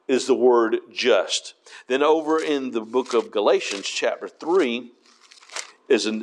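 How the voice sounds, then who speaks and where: A man teaching through a Bible passage, reading verses aloud and explaining them in an unhurried way with frequent pauses and restarts. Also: mid-range voice. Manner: unhurried, with many filler words and restarts; reads scripture aloud in King James wording.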